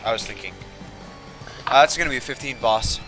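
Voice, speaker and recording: Man, tabletop player, mid pitch, quiet, distracted, faint music. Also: brisk, poor audio. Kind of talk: casual game chat.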